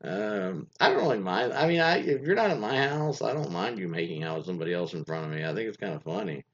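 A man chats crudely on a casual podcast, reading stories and wandering off into his own tangents with plenty of ums and restarts. His voice sits on the low side but leaps around in pitch. The audio is a little dull and lo-fi. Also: expressive, fast talker. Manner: rambling, crude, with many fillers and restarts.

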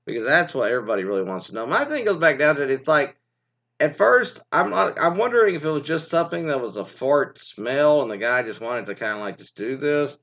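A man's voice: animated, brisk. Profane rambling man on a lo-fi recording. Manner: profane, rambling, swings loud and low. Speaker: commentator. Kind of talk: ranting casual commentary. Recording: dull lo-fi recording.

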